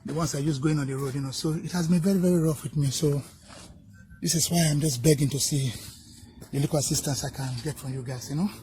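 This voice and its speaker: A man's voice: fairly high pitch, fairly even intonation, fast, mellow, slight background noise, low-quality recording. A man speaking earnestly outdoors, explaining his hardship and asking for help, with "you know" after nearly every phrase. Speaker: interviewee. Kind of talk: pleading personal appeal.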